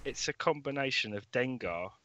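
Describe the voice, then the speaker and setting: A man's voice: mid-range voice, expressive, normal speed, bright, forceful tone. A man teasing his friends in a playfully boastful way during a casual gaming chat on a call.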